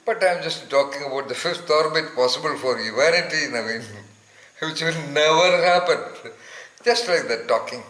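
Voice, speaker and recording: A man with a somewhat high voice gives an informal spiritual talk, speaking emphatically and rambling as he searches aloud for words. The room around him is echoey. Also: normal speed, a bit bright.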